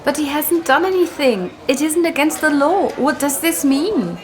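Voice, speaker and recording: A woman's voice: high-pitched, lively intonation, normal speed, a faint crowd. An actress playing an earnest young woman in a documentary reenactment. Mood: upset. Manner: earnest, pleading. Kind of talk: reenactment acting.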